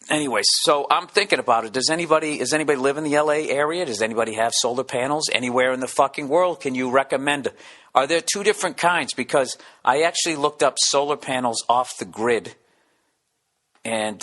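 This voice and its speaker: A man delivering a profane, rambling comedic rant as a podcast host, dropping now and then into hushed whispers. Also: mid-range voice. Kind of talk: casual comedic monologue.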